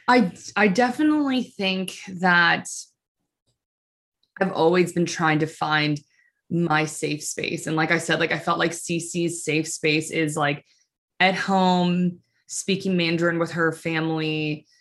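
A woman from the United States telling stories in an animated, chatty way, full of fillers, in casual conversation. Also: lowish voice, slow. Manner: chatty, animated storytelling full of "like" and "you know".

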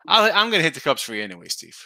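A man's voice: a little high, big pitch swings, very fast, pushed and bright, no room sound. A middle-aged man hosting a casual live sports betting stream, rambling through picks, stumbling over his words and reading viewer comments aloud. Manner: rambling, self-interrupting, reads chat comments aloud. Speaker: sports betting show host.

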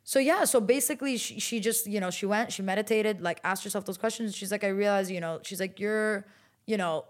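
A woman's voice: medium pitch, a little fast. A young woman in her twenties talking casually as a guest in an interview, with many fillers and restarts. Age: 20s.

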